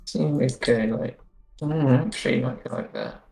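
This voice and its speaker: A game master in casual table talk, thinking aloud in an unhurried way and trailing off mid-thought. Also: mid-range voice, wildly swooping pitch, vocal fry, darkish tone, faint music behind.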